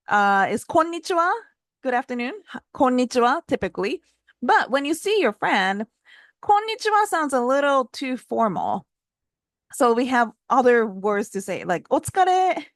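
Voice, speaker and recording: A woman's voice: measured pace, no room sound. Woman teaching, dry sound. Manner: models phrases with lively pitch jumps, laughs lightly. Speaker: Japanese language teacher. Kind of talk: casual spoken lesson.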